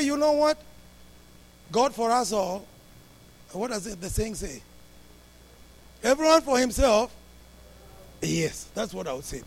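A male pastor telling a story in a sermon, acting out the people in it with big rises and drops in loudness. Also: breathy edge. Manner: animated, acts out the people in his story with big swings in pitch and loudness.

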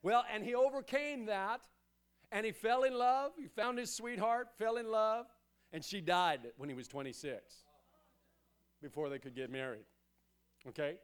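A man preaching a sermon as pastor, emphatic and repetitive, building to loud exhortations. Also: high voice, normal speed, clear, resonant tone.

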